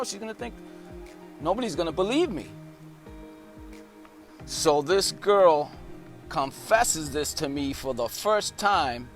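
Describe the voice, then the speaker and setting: A male evangelist preaching a testimony story, with emphatic storytelling that builds in intensity. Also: a little high.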